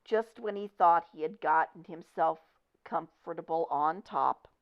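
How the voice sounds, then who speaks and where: A woman reading a children's picture book aloud with expressive, deliberate storytelling. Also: low voice. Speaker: storybook reader. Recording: dull lo-fi recording.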